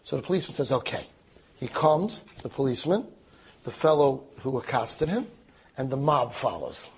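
A man telling a dramatic story aloud, acting out the quotes with lively animation. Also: medium pitch, normal speed, slightly rough.

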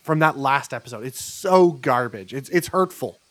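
A man's voice: medium pitch, expressive, normal speed, a bit bright, no echo. Male co-host, dry close-miked sound, blunt and dismissive in casual chat.

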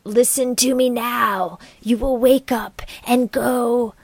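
A woman's voice: fairly high pitch, steady tone, slow, breathy edge, no echo, exaggerated voice. A woman voicing a demonic old hag who rises from a sink and gives sinister commands. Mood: commanding.

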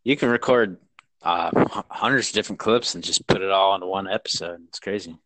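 An easygoing man co-hosting a casual sports podcast, mostly agreeing and chatting. His voice is quite low, and it is recorded close and dry. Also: brisk, a bit bright, no echo, poor audio. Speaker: podcast co-host.

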